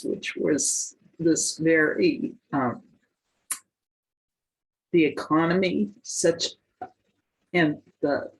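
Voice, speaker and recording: A woman in a study group discussion, speaking thoughtfully with hesitant pauses. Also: lowish voice, husky, poor audio.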